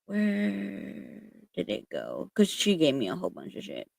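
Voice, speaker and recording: A woman's voice: lowish voice, wildly swooping pitch, measured pace, vocal fry, a little mellow, dry recording. A woman chatting casually and reading aloud, with lots of fillers and casual swearing. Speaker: spiritual content creator.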